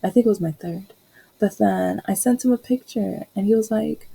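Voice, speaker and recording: A woman's voice: mid-range voice, fairly even intonation, normal speed, gravelly, dark tone, breathy edge, low-quality recording. A young adult woman hosting a podcast, chatting casually and rambling through a personal story with frequent laughs. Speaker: podcast host.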